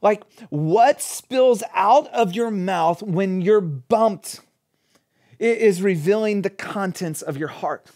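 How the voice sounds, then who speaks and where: A middle-aged pastor giving an earnest, animated sermon in a conversational style, full of everyday examples. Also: male voice, high-pitched, slow.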